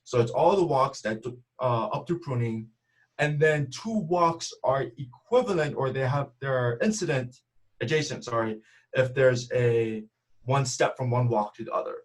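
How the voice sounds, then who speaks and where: Over a video call, a man gives a math seminar talk in an unhurried, mid-range voice. He explains things step by step and often checks in with "right?".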